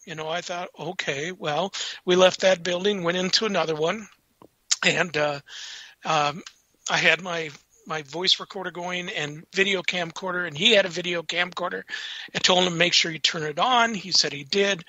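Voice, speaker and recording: A man recounts ghost hunts on a radio talk show, animated and laughing as he acts out every line. His voice sits high and very bright, and the lo-fi sound is dry and dull. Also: no room sound. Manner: animated, laughing storyteller acting out quotes. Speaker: paranormal investigator guest. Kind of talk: casual storytelling on a radio show.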